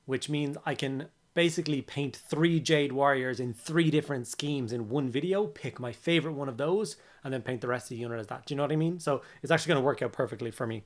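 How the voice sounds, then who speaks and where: A man's voice: mid-range voice, fast, hardly any pauses. A man hosting a casual livestream, chatting with viewers while he builds models and greeting them with repeated hellos. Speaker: livestream host.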